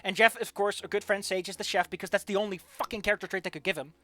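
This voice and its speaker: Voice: mid-range voice, steady tone, very fast, no room sound. A streamer who did not grow up speaking English, chatting and joking self-deprecatingly over a game, with faint music behind. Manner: chatty, jokey, self-deprecating, swings between loud outbursts and mumbling.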